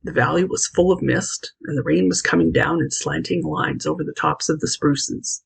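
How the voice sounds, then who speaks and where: A woman reading a classic children's novel aloud in an expressive, lively narration. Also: low voice, normal speed, creaky, breathy edge, poor audio. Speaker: audiobook reader. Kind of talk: scripted storybook narration.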